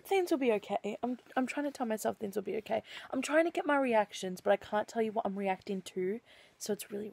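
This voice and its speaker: A young woman talking casually to the camera at home late at night about the book she is reading, excitable and saying "like" a lot. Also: a little high, fairly quick, creaky, breathy edge. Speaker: book vlogger.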